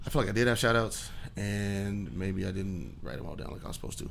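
A man's voice: fairly low pitch, animated, a little fast, vocal fry, slight background noise. A young man hosting a casual podcast, laid-back and swearing freely, with lots of ums. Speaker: podcast host.

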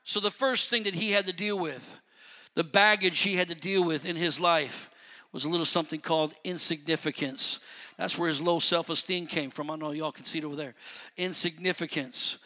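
A man preaching a sermon, swinging from soft, low asides to loud, fervent shouting. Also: fairly even intonation, moderate pace. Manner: shouting, building to fervent peaks.

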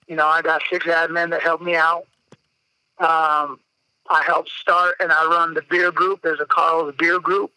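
Flat-voiced, bright podcast host. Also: male voice, on the high side, clean tone, no room sound, rough recording. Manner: blunt, profane and emotionally open. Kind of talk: candid personal storytelling.

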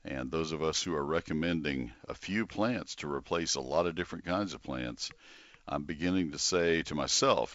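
Folksy older radio host, deep voice. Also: male voice, normal speed, no room sound, muffled recording. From Texas. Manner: folksy, animated, chatty with exclamations. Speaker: radio garden show host. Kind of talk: call-in radio talk.

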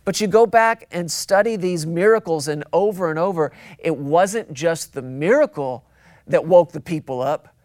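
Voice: mid-range voice, normal speed, darkish tone, no room sound, clean studio sound. A pastor preaching a sermon, emphatic and repetitive, drawing out key words for weight.

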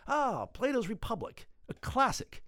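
A man's voice: big pitch swings, a little slow, no room sound, clean studio sound, full character voice. A man voicing a genial, bookish preacher in a raised, admiring voice. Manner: genial, admiring, bright higher voice.

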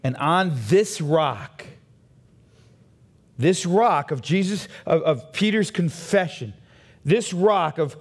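Man, pastor, sermon, expressive rising and falling pitch, slightly high voice, emphatic preaching. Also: slow pace, pauses often, breathy edge. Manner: animated preaching, building to emphatic peaks. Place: church.

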